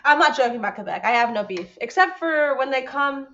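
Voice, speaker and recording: A woman's voice: high-pitched, lively intonation, fairly quick, sharp tone, muffled recording. A woman guest musician chatting casually, joking and laughing, swearing now and then. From France. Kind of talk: casual chat.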